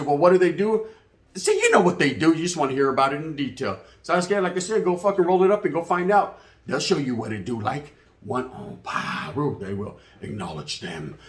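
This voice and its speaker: A man's voice: fairly high pitch, roomy sound. A man telling a casual story to his channel's viewers in profane, slangy street talk. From California. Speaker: YouTube channel host.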